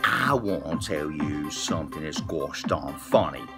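A man's voice: a bass voice, lively intonation, a little slow, vocal fry. A man doing a rambling, profane comic rant as a vlogger, repeating a drawling catchphrase. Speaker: comedy vlogger. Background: epic background music.

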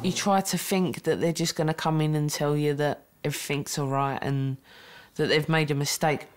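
Low-voiced woman recalling quietly. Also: steady tone, normal speed. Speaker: interviewee. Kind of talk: documentary interview.

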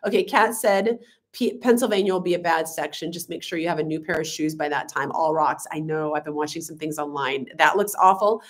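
A woman's voice: sits low, fairly quick. Congested, sniffly woman chatting. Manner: chatty, many fillers and restarts. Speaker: channel co-host. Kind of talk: live-stream chat reading viewer comments.

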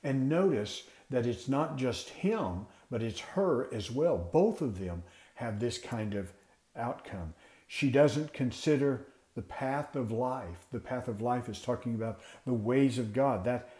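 A man with a mellow, soft-edged voice teaches from scripture for people who lead classes. He poses questions and then answers them himself. The recording has a roomy echo around him. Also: medium pitch, lively intonation, measured pace. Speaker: Bible teacher training class leaders. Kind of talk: teaching talk for Sunday school teachers.

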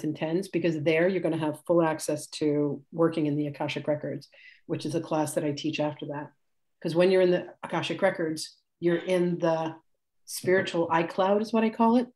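A woman in her sixties leads a live spiritual class in a low, mellow voice. Her storytelling is casual and rambling, full of laughter and little self-corrections, as if she's demonstrating for the group in real time.

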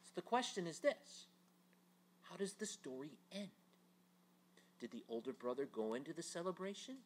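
A man teaching a Bible class, telling the story in an animated way with rhetorical questions. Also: fairly high pitch, normal speed.

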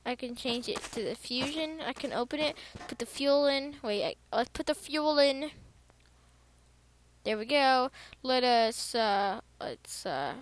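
A woman giving casual, rambling gameplay commentary, excitable and repeating herself as she figures things out. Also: high-pitched, unhurried. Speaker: gaming video creator. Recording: loud background noise over voice.

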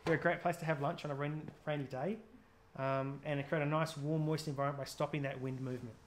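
A man's voice: fairly high pitch, steady tone, fast talker. A man giving a chatty, jokey outdoor safety workshop, often quizzing his audience. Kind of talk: live gear workshop talk.

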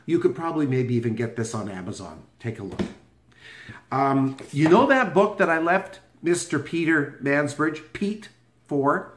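A man's voice: fairly high pitch, expressive, measured pace, echoey room. A man chatting casually on his video blog about books he has read, playful and rambling, teasing and talking straight to his viewers. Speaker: book vlogger.

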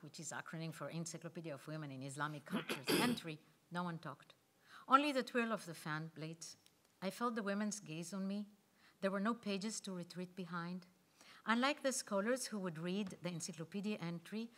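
A woman and conference speaker reading her own memoir aloud, measured and reflective, with pauses. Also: lowish voice, fairly bright tone.

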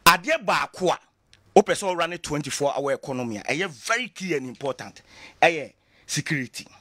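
A man with a Ghanaian accent, speaking as a political commentator in a lively talk show discussion, passionate and full of rhetorical questions. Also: fairly high pitch, a little fast, no echo. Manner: passionate, mixing Twi and English, rhetorical questions.

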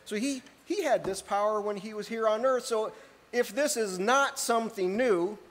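Guy preaching a sermon, pretty high voice, lots of throat clearing, echoey church hall. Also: moderate pace, a bit bright. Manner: earnest, reads scripture aloud, frequent throat clearing. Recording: long hall reverb.

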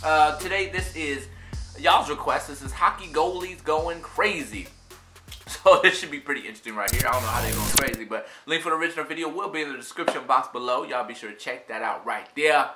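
Excitable man reacting in an echoey room. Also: on the high side, brisk, over music. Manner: excited, laughing, talks back to the players on screen. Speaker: sports reaction video host. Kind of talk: casual reaction commentary.

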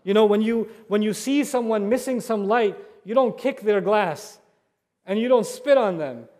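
A man preaching to a congregation inside a mosque, his voice sitting high for a man. He builds earnestly through repeated phrases and rhetorical questions. The sound rings with a long hall reverb. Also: normal speed, darkish tone. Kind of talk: sermon.

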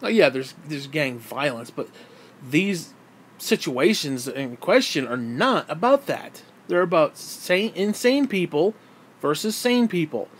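A man's voice: on the high side, big pitch swings, a little slow, slightly rough. A man giving a heated, exasperated political rant to camera, swearing freely. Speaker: vlogger.

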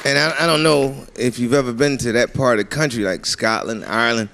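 A man performing a stand-up comedy routine on a club stage, animated and often laughing at his own jokes. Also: medium pitch, fairly quick. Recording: live club recording with crowd noise. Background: audience laughter and room noise.

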